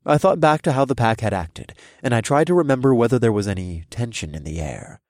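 A man reading a first-person fantasy story aloud, with expressive narration. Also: medium pitch, brisk, dry recording, clean studio sound. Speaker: audiobook narrator.

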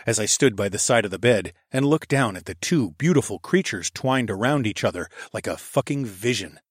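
A man's voice: mid-range voice, no echo, clean studio sound. A man narrating a first-person romantic fantasy story, intimate and wry, switching between narration and dialogue. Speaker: audiobook narrator.

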